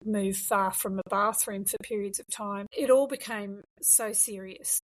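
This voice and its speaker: A woman's voice: mid-range voice, steady tone, measured pace, rough recording. A middle-aged woman guest telling her story in a frank, emphatic way during an interview. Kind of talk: conversational interview.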